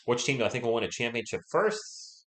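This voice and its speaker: Brisk and sing-song in a mid-range voice, a young stream host gives casual play-by-play in a reverberant room. He has a sore throat and sounds ill, holding back from raising his voice. He's chatty and replies to viewers.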